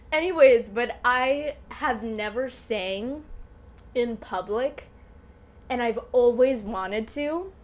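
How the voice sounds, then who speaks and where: A woman's voice: fairly high pitch, very slow, long pauses. A young woman hosting a solo podcast, talking casually and confessionally, swearing and laughing through emotional stories. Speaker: podcast host.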